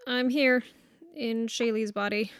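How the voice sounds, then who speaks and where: A woman's voice: a little high, steady tone, slow, smooth, dry recording, studio quality. A woman voicing a blunt, bossy woman. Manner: blunt, commanding. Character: bossy woman who can't do accents. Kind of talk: audio drama acting.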